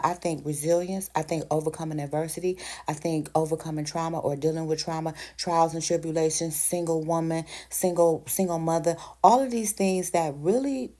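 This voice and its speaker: A woman past thirty-five talks straight into her phone, emphatic and conversational. Her voice sits on the low side. She calls her listeners baby and sis. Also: normal speed, dark tone. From United States. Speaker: vlogger. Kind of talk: direct-to-camera rant.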